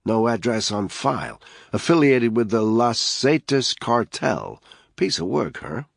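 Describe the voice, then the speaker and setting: A man's voice: mid-range voice, very animated, unhurried, creaky, no echo, clean studio sound, pitched above the performer's own voice, exaggerated voice. A man voicing a brash, sarcastic male surveillance analyst in an audiobook thriller, his tone blunt and impatient. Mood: wry.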